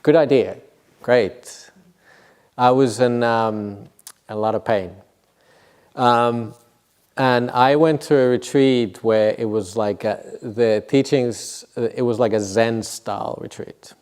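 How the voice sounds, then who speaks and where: Wry, conversational monk giving a dharma talk. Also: male voice, medium pitch, fairly even intonation, slow pace, darkish tone, clean tone. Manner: conversational, wry humor, rhetorical questions; frequent restarts and self-corrections. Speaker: Buddhist monk teaching a meditation retreat.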